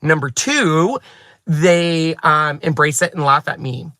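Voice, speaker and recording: Chatty, animated man in his forties. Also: on the high side, slow pace, dry recording. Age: 40s. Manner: chatty, animated and self-mocking, with bursts of laughter. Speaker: craft YouTuber and host. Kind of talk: chatty vlog storytelling to viewers.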